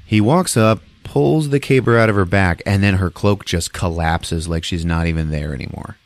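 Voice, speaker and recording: A man hosting a podcast, retelling a movie in a jokey, laughing, animated way. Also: sits low, normal speed, dry recording. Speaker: podcast host. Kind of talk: casual movie recap.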